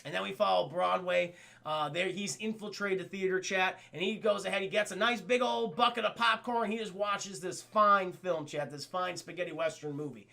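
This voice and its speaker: A young man giving a casual, profane review of a cartoon episode, talking excitedly to his stream chat. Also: high voice, normal speed, creaky.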